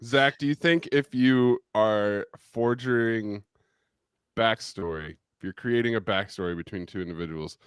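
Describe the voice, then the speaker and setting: A man's voice: on the low side, measured pace, clean tone, no room sound, clean studio sound. A man co-hosting a podcast, teasing his friends in wry, casual chat. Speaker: podcast co-host.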